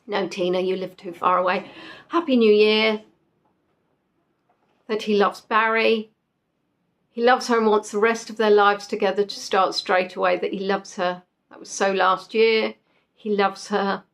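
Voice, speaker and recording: A woman's voice: medium pitch, fairly even intonation, measured pace, pauses often, a bit bright. A young woman hosting a casual quiz, chatty and joking as she reads out the players' answers. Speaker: quiz host. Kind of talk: casual live quiz chat.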